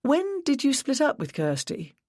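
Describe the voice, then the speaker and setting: Narrator playing a calm woman detective, polite, persistent, a touch lifted, dry read. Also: high-pitched, a little slow, no echo, pitched above the performer's own voice, heavily acted. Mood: probing. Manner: polite, gently persistent questioning. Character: patient, probing woman detective. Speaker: police detective.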